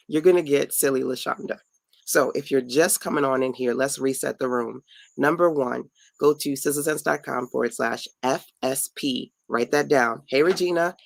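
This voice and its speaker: A woman's voice: extremely low pitch, gravelly, no echo, rough recording. Tired, playful woman hosting a late live. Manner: chatty and playful, talks to viewers and family mid-stream. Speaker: online business coach hosting a live stream. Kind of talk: casual late-night live teaching. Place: home at night.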